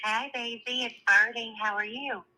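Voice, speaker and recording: A woman calling in to a live show, slowly telling a long joke in a drawling storyteller way. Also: a little high, fairly even intonation, sharp tone. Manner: slow drawling storyteller, laughs at her own joke. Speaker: caller. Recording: tinny phone line.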